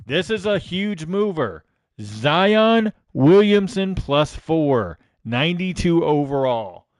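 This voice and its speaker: A man's voice: a little high, very animated, slow, no echo, studio quality. A man hosting a live stream, casually reading out game ratings with lots of ums and uhs. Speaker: gaming channel host.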